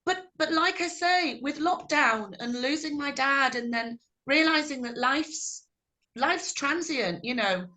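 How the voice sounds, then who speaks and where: This high, unhurried female voice belongs to a middle-aged singer being interviewed over video call. She spins warm, animated stories and performs the quotes as she goes.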